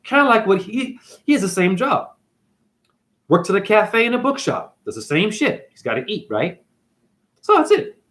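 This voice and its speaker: Animated man ranting with lively pitch. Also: moderate pace. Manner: animated storytelling with big pitch swings. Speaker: spiritual vlogger. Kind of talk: casual ranting monologue.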